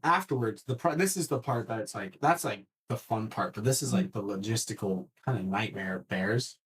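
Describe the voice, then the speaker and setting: With a lowish voice at a moderate pace, a man tells an animated story on a casual podcast. He swears freely and often goes back to restart his sentences.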